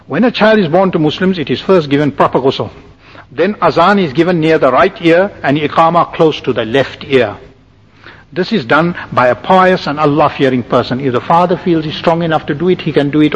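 A man preaching to a congregation in a husky, slightly higher voice. He explains things step by step and keeps checking that his listeners follow. The recording is dull and lo-fi, with a long reverb trailing off in a big hall. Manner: instructive, repeats points and checks with "all right?". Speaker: Islamic preacher. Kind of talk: religious lecture to a congregation.

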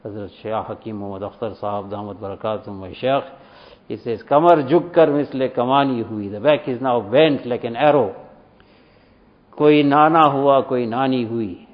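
A man preaching a sermon in an earnest, repetitive way, quoting Urdu verse. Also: mid-range voice. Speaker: Islamic preacher. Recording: slightly dull lo-fi sound.

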